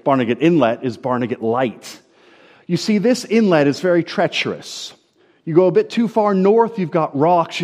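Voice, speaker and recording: A middle-aged American man from New Jersey with an American accent, reading scripture and preaching a sermon in an expressive storytelling manner. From New Jersey, USA. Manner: expressive storytelling delivery, lively swings of pitch.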